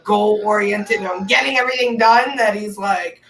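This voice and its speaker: A woman's voice: medium pitch, moderate pace, a bit bright. A woman guest on a casual podcast, chatty and using "like" often. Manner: chatty, lots of "like" fillers. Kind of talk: casual chat. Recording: echoey, distant from the mic, faint ambience.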